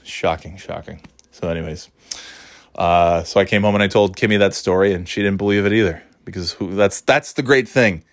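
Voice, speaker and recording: A man in his thirties hosts a loose, casual podcast chat. His voice sits on the low side. He restarts sentences often, swears freely and laughs at his own story. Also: moderate pace. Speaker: podcast host.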